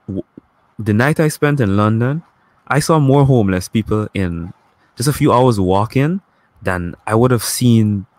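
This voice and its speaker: Dude hosting a chat, animated, trips over his words, dry close mic. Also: on the low side, dry recording. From Caribbean. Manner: animated, stumbles over starts. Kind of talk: casual podcast chat.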